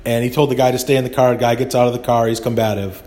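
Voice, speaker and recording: A man's voice: medium pitch, level tone, very fast, darkish tone. A man hosting a podcast, talking in a rambling, indignant monologue full of restarts. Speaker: podcast host. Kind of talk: casual monologue.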